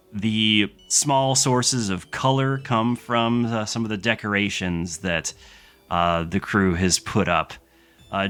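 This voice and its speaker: Hesitant low-voiced game master. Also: male voice, sharp tone. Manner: rambling, frequent filler hesitations. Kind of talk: narrating a tabletop game.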